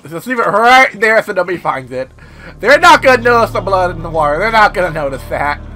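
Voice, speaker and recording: A man's voice: high voice, sing-song, a little fast, sharp tone. A young man giving casual, goofy and crude gameplay commentary. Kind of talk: casual let's-play commentary.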